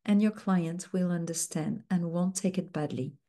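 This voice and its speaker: A woman mentor teaching a coaching technique, speaking slowly and softly with frequent fillers. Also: fairly low pitch. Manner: slow, soft-spoken, uses many fillers.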